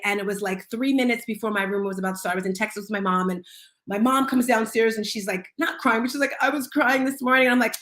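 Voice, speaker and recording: A woman's voice: mid-range voice, fairly bright tone. Earnest woman hosting an echoey chat room. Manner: earnest, storytelling, invites listeners to speak. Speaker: host of an audio chat room. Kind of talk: casual motivational talk.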